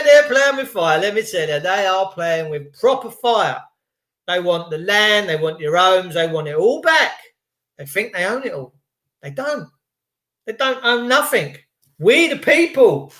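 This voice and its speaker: A man talking casually to his viewers, animated, acting out other people's voices and repeating his points for emphasis. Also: high-pitched, measured pace, reverberant. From United Kingdom. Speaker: vlogger.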